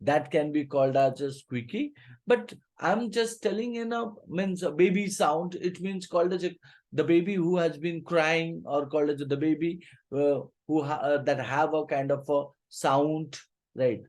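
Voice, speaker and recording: Give me a teacher explaining slowly. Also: male voice, a little high, darkish tone. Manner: rereads lines, then paraphrases them with many "means, uh" fillers. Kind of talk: explaining a literature text to a class.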